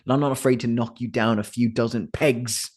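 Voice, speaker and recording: A man's voice: mid-range voice, steady tone, fairly quick, a little mellow, close to an everyday voice. A man voicing an indignant, red-faced police inspector in a tabletop game, huffy and threatening.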